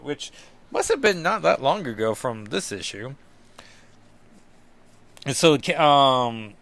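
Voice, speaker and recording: A man's voice: mid-range voice, a bit bright, no room sound. A man hosting a casual comic book recap, rambling and full of fillers and self-deprecating asides. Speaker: comic book podcast host.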